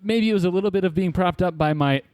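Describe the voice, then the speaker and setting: A man's voice: high-pitched, fast talker, darkish tone, clean tone, no echo, clean studio sound. A man competing in a podcast trivia game, talking casually and joking around. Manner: joking mock acceptance speech. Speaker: quiz contestant. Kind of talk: casual chat.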